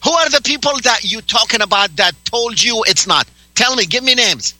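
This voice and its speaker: High-voiced sarcastic radio host. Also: male voice, animated, normal speed, bright, forceful tone, no echo, poor audio. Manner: interrupting, demanding, sarcastic. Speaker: radio talk show host. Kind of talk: heated on-air argument with a caller.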